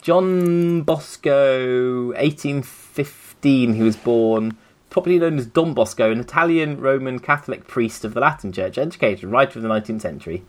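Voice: mid-range voice, fast talker. A podcast co-host in casual, playful chat, often laughing.

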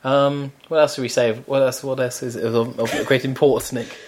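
A man's voice: mid-range voice, little pitch movement, normal speed, a little mellow. A British man co-hosting a podcast, chatting casually. He is playful and teasing, and he complains in mock outrage about words he dislikes. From Britain. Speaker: podcast co-host. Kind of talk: casual chat.

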